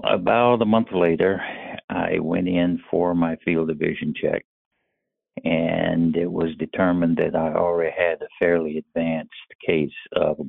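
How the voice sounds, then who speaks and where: An older man from North Carolina tells his story slowly and carefully in a low, husky, gravelly voice. The sound is tinny and phone-like. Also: no echo. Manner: slow, measured storytelling. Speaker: caller sharing a personal story. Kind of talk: recorded personal story. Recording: tinny phone-line recording.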